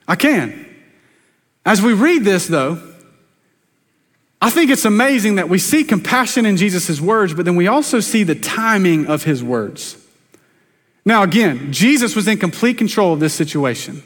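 A man's voice: high voice, animated, normal speed, pauses often. A man, a pastor preaching a sermon in a conversational, self-deprecating way, often turning to ask the congregation questions. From South Carolina, US. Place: church sanctuary. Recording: long church reverb.

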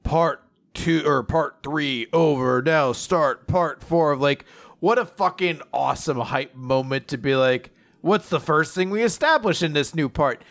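A man's voice: fairly high pitch, a little slow, a bit bright. A man co-hosting a casual manga podcast who talks enthusiastically, swears freely and fills his sentences with "like". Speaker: podcast co-host.

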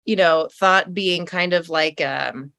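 A woman with a fairly low voice hosting a relaxed conversation. She sounds enthusiastic and affirming, with plenty of "you know" and "right?". Her voice is recorded dry and close, with no room sound. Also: slow pace, dry recording. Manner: enthusiastic and affirming, with many fillers. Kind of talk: casual conversation.

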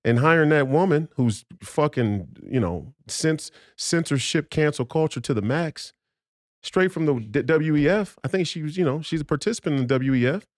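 A man's voice: a little high, lively intonation, moderate pace, no room sound, studio quality. A man talking as a podcast guest in a heated, profane rant, emphatic and combative, often restarting his sentences.

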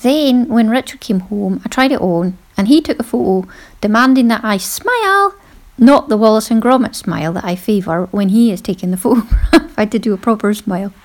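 Her fairly high voice has lively intonation and runs a little fast. She's a middle-aged podcast host giving a casual, chatty monologue, self-deprecating and full of laughter.

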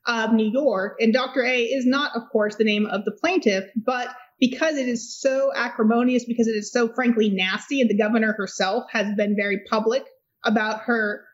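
A woman's voice: a little high, fairly even intonation, normal speed, muffled recording. A woman attorney talking as a guest in a legal discussion, speaking emphatically and articulately, with dry sardonic asides.

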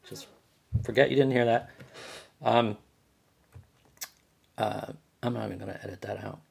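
A man's voice: lowish voice, fairly even intonation, a little slow, creaky, a little mellow, breathy edge. A man hosting his own show, telling a personal grievance story in a rambling way, with many restarts and repeated words. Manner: agitated, complaining. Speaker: podcast host.

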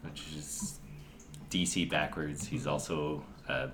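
A man who is a podcast guest, calmly explaining a theory in casual chat. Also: rumbling low, over music. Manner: explanatory, measured.

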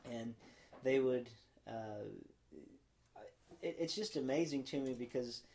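Speaking slowly in a dark, medium-pitched voice, this podcast host reflects earnestly on a worship song during a casual studio chat that includes worship singing. His thoughts frequently drift off before he finishes them.

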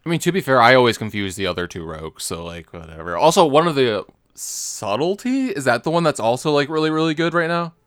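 Relaxed male co-host, low smooth voice, dry sound. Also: fast talker, few pauses, dry recording. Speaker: podcast co-host. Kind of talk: casual gaming chat.

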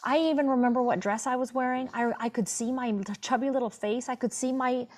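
A woman's voice: high voice, fairly even intonation, a little fast, darkish tone. A woman in her fifties telling a personal story as an interview guest, heartfelt and emphatic, often restarting her words. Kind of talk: casual interview chat.

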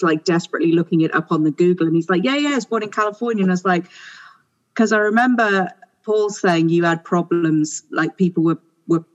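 A woman's voice: fairly low pitch, a little mellow. Brief: chatty woman, podcast co-host, slightly muffled audio. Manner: chatty, quick asides with restarts. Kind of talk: casual chat.

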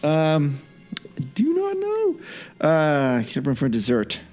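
A man co-hosting a casual podcast, thinking aloud through a guessing game with plenty of hesitant fillers. His pitch swings widely as he talks. Faint music plays underneath. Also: huge pitch swings, slow pace, darkish tone. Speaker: podcast co-host.

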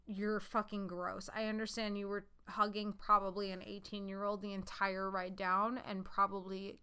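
A woman in her thirties telling a story in casual chat, animated and swearing freely. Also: medium pitch, clean tone. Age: 30s.

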